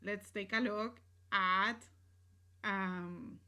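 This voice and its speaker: With a mid-range, bright, clear voice and fairly even intonation, a woman who teaches Spanish records a slow, patient grammar lesson. English explanations alternate with Spanish sample sentences, and she keeps making sure students follow.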